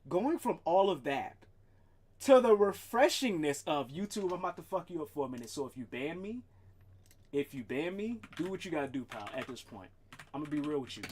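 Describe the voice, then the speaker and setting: A male streamer rants casually on a livestream. He swears freely and talks to his cat now and then. His pitch swings widely as he talks. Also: big pitch swings, brisk, darkish tone, slightly rough.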